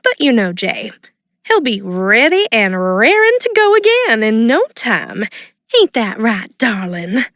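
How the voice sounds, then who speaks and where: Brief: man voicing a cocky, playful warrior woman; pitched well up, lively delivery, audiobook. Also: a little slow, no room sound, studio quality, exaggerated voice. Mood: teasing. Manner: teasing, playful. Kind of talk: audiobook character voice.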